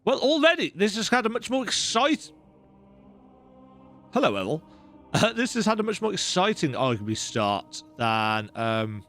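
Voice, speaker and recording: A man's voice: sits high, very animated, a little slow, pauses often, fairly bright tone, soft background music. A man giving casual gameplay commentary, full of wry, joking asides. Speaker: let's play host.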